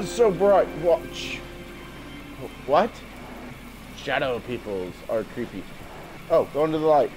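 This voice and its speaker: Over a rough recording, a man with a medium-pitched voice gives jumpy, jokey let's play commentary as he games, often talking to himself.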